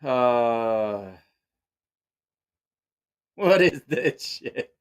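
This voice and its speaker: A man hosting a live stream delivers casual commentary, laughing at what he sees and launching into incredulous, mocking rants full of profanity. His medium-pitched voice is animated, with drawn-out words and a clean tone.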